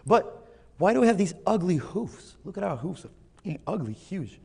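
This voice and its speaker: A man's voice: high-pitched, sing-song, normal speed, creaky, darkish tone, breathy edge, pitched above the performer's own voice, heavily acted. Man doing a whiny son camel. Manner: whiny, questioning.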